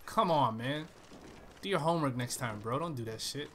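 A man's voice: fairly high pitch, lively intonation, fairly quick, crowd noise. A man giving profane, trash-talking live commentary over a shooter game he is playing. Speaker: gaming channel host.

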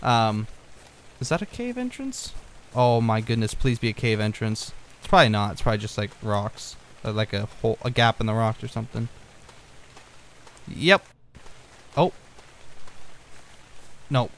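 A young man giving casual let's-play commentary, rambling and easily distracted, breaking into excited outbursts at what he finds on screen. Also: lowish voice, moderate pace, long pauses, a little hiss or hum. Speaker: gaming video creator.

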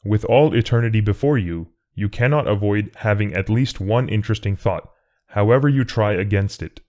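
A low, calm godlike presence, as a man reads it out in an audiobook. It speaks in a measured, tolerant, coolly matter-of-fact way, never hurried. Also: close to an everyday voice. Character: calm all-knowing godlike male voice. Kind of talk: audiobook reading.

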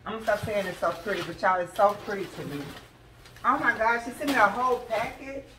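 A woman vlogger, chatting excitedly to her viewers from her home kitchen. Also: mid-range voice, brisk, a little hiss or hum. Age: adult with school-age children. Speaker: vlogger sharing a grocery haul. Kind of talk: casual chat to camera.

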